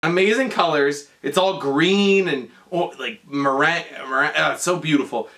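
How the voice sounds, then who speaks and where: A man's voice: fairly high pitch, normal speed, fairly bright tone. A tipsy man rambling through a comedic drunken retelling of a movie, heavy on fillers and swearing. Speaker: drunk storyteller.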